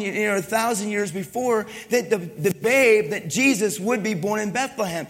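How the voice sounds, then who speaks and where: His voice high and animated, a pastor speaks conversationally in a sermon, acting out the people in his story and inviting the crowd to agree. The long reverb of a large hall rings around him.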